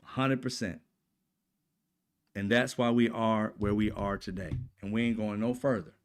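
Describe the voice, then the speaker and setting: A man hosting his own commentary channel, delivering a heated, profane political rant. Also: medium pitch. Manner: profane, fired up, repetitive.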